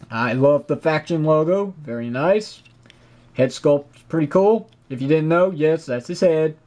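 A man with a high-pitched voice talks through a product review in a casual, chatty way. He is opinionated and enthusiastic, with frequent praise. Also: warm tone. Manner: chatty and opinionated, with fillers like "you know". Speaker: toy reviewer.

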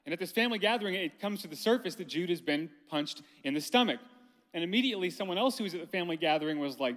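A man's voice: on the high side, lively intonation, very fast, fairly bright tone. A man in his thirties preaching at a conference, telling a family story with humor and speaking directly to the audience. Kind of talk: sermon with personal story. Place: large conference hall. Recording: long hall reverb.

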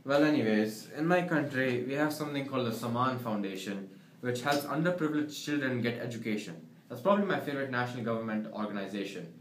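A man's voice: mid-range voice, animated, quick pace, natural voice. A young man playing an earnest job applicant who recites facts at length in an amateur comedy sketch. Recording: roomy, faint background noise.

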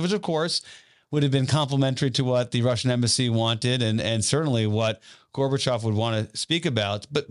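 A man hosting an interview podcast, asking long layered questions and often restarting as he frames them. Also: medium pitch. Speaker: podcast host.

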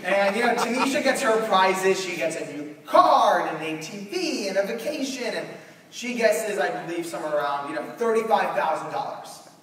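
Young male keynote speaker, high lively voice, echoey far-off hall sound. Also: normal speed, slight background noise. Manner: animated, acts out quotes. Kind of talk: storytelling keynote. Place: large conference hall.

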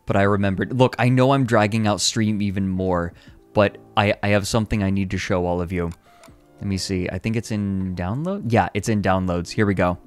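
A man streaming casually, who laughs often, exclaims loudly and reads chat aloud. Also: lowish voice, brisk, smooth, soft background music.

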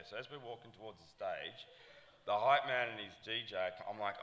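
A man with a fairly low, bright, forceful voice spins a profane backstage tale on a festival panel. He acts out every voice as he goes. The sound carries the long echo of a large hall, with faint noise behind it. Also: moderate pace. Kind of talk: animated storytelling with quoted dialogue.

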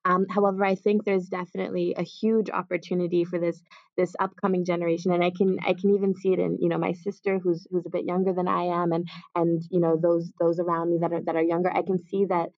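A young woman speaks as a guest on a video call, with a fairly low voice. She answers thoughtfully and often pauses on "um" and repeats words. The call audio is dull and dry, with no room sound. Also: level tone, no echo. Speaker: author and guest.

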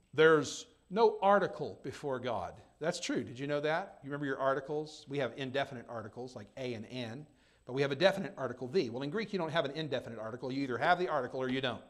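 A male pastor preaching a sermon, with talk that swings between soft and loud, reading old-fashioned scripture and turning to his congregation with conversational asides. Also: mid-range voice, rapid-fire.

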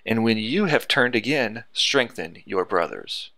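A slow, drawn-out scripture reading in a Texan accent, as a man puts it on. The tone is bright and forward, and the voice sounds close and dry. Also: fairly low pitch, animated, no echo, heavily acted. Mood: drawling.

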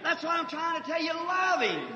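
A man preaching a fervent, folksy revival sermon, shifting from soft asides to shouts, on a 1950s archive recording with faint hiss. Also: extremely high pitch, sing-song, moderate pace, echoey room, big-room sound, highs cut off, a crowd in the background.

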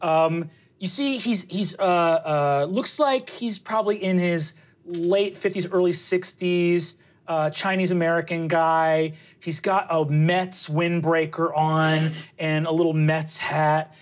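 A woman narrating as game master of a tabletop game, lively and full of fillers. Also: on the low side, slow pace.

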